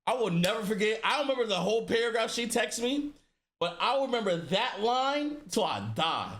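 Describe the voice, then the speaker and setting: A man's voice: high-pitched, expressive, fairly quick, fairly bright tone. A man telling a personal story in casual storytime style, slangy and profane, acting out the dialogue with voice shifts. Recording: roomy echo.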